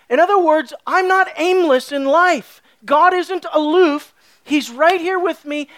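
A pastor preaching a sermon emphatically, asking the listeners rhetorical questions and swinging between hushed and forceful delivery. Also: high-pitched, dry recording.

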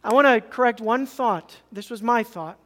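A pastor preaching a sermon with animated, dramatic swings from loud passages to hushed ones. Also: mid-range voice, normal speed. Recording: long hall reverb.

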